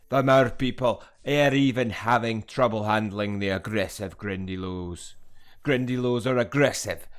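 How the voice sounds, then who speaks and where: A man voicing a gruff older male magical creature keeper for a game, speaking slowly, loudly and emphatically. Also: fairly low pitch, close to an everyday voice. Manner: slow, loud and emphatic delivery.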